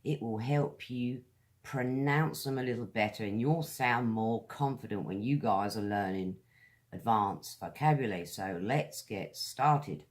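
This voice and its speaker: A woman with a British accent teaching English pronunciation, drawing out each word slowly and deliberately while talking straight to her viewers in a friendly way. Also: extremely low pitch. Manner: slow, deliberate, drawn-out words; friendly direct address to viewers. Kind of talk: pronunciation lesson.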